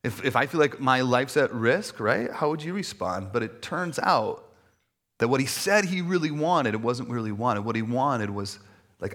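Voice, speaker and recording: A male pastor delivers a sermon in a loose, conversational way, full of fillers and small jokes at his own expense. His voice sits at an ordinary middle pitch for a man. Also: animated, normal speed, a bit bright. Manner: conversational, self-deprecating humor, many fillers.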